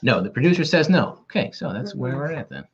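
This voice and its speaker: A man hosting a trivia night over a livestream, rambling and poking fun at himself between answers. His pitch swings up and down a lot. The audio is dull and lo-fi. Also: sing-song, brisk. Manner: joking, rambling, self-deprecating. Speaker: quiz host. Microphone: camera mic.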